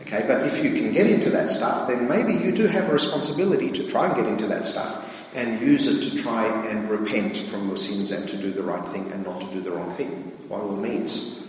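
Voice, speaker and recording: A man's voice: lowish voice, fairly quick, slight background noise. Male priest, chatty sermon, picked up from a distance in a reverberant church; keeps asking "okay?". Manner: plain-spoken, keeps checking in with "okay". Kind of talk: conversational sermon. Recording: distant, echoey church recording.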